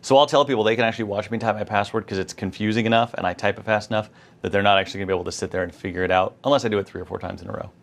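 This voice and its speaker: A man's voice: on the low side, fairly even intonation, very fast, vocal fry. A man co-hosting a conversational tech lesson, chatty and full of anecdotes and quoted asides. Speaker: co-host.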